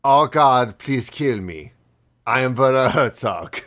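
Man doing a deadpan grim filmmaker bit, slow and self-serious, mid pitch. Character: male filmmaker impression, flat and grim. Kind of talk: comedy podcast impression.

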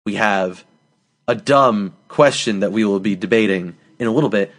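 Speaking at normal speed in a voice on the low side, this podcast host banters and cracks jokes on his comedy show. At times he shifts into a solemn, mock-grand tone.

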